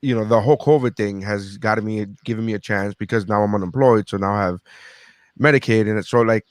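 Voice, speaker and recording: A man in his thirties, a comedian hosting a podcast, telling stories in a profane, animated way. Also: lowish voice, fast talker, dry recording. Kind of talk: casual podcast chat.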